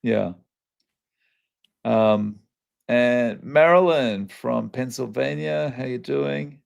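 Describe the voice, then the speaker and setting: Brief: Australian male live-stream host, gravelly edge, chatty and welcoming to viewers. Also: medium pitch, extremely slow. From Scotland, raised in Australia. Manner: chatty, greets viewers by name. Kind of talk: casual live-stream chat. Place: Japan.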